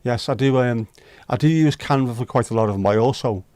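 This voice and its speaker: A man with a darkish, mid-range voice talks at a quick pace, with no room sound. As host of a casual virtual pub livestream, he reads out viewer comments, chatting, joking and bantering with chat.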